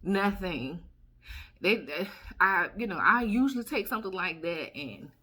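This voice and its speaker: Woman, 30s, casual vlog chat, bright husky voice, sassy, expressive. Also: fairly low pitch, measured pace. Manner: expressive, sassy, laughs and exclaims often. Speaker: vlogger.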